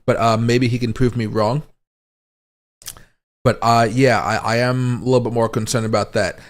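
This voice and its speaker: A man's voice: medium pitch, fairly even intonation, moderate pace. A man giving casual, rambling livestream commentary on crypto charts, thinking aloud as he goes. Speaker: crypto market streamer.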